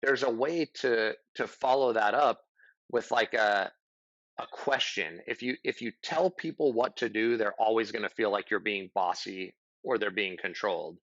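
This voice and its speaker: A man's voice: on the low side, normal speed, a bit bright, no echo. Middle-aged man, earnest and rambling, acts out dialogue; dry, slightly dull recording. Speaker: podcast guest. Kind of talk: casual conversational advice.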